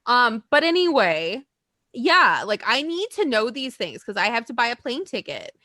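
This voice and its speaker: A chatty woman talking in a fairly high, very animated voice, rambling loosely from one thing to the next. The sound is close and dry, with no room around it. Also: moderate pace, dry recording. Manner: chatty, rambling, laughs often. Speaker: podcast co-host. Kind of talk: casual chat.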